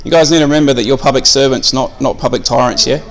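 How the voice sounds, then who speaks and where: A member of the public, an Australian man with a fast-talking, mid-range voice, records officers on his phone indoors at a police station reception desk. The argument is confrontational, and he insists, repeating his questions over and over.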